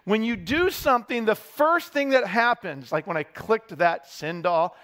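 A man's voice: sits high, animated, measured pace, a bit bright. A man preaching a sermon, telling candid, self-deprecating stories to his congregation.

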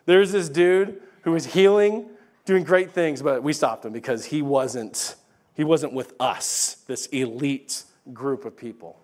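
A man's voice: a little high, measured pace, darkish tone, lightly acted. A man acting out a disciple who casually deflects blame onto someone else. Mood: defensive. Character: defensive disciple, adult man, self-justifying.

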